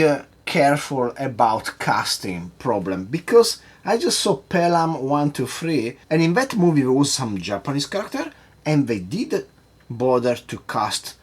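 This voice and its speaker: Husky, animated cocktail-show host man. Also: a little high. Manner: rambling, asks the viewer questions. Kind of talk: casual rant to camera.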